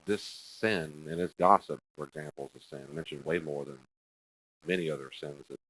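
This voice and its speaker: A man's voice: a bass voice, moderate pace, a bit bright, no room sound, low-quality recording. A male pastor teaching a church class in a direct, conversational way, acting out quoted speech in exaggerated voices. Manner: direct, conversational, with frequent restarts.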